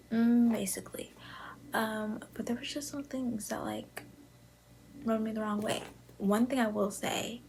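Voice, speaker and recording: A woman's voice: medium pitch, slight background noise, low-quality recording. A nineteen-year-old woman from Buffalo, New York, chatting to camera about books, often whispering late at night in a gushing, filler-heavy way. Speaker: book vlogger. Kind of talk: casual chat to camera.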